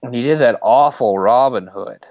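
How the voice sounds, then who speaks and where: A man's voice: mid-range voice, dull audio, noisy background. Rambling man in casual movie chat. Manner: rambling, animated when retelling scenes, quick laughs. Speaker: podcast co-host.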